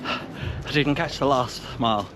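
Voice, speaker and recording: A man's voice: mid-range voice, a little slow, background noise. A man chatting casually while out of breath after a run, upbeat and self-mocking. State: out of breath, sweating. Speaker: running vlogger. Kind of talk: casual chat while training. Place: outdoors on urban roads.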